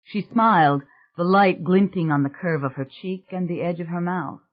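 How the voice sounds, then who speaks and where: A man narrating an audiobook in a measured, even storytelling manner. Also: high voice. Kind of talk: scripted narration. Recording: thin, phone-like audio.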